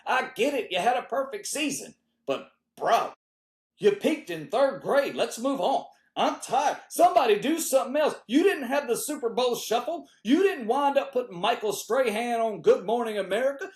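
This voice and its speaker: Guy ranting comedy bits, voice jumps all over, kinda echoey room. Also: normal speed. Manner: animated, swings between high outbursts and low mutters. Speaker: comedian host. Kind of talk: comedic monologue. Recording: roomy echo.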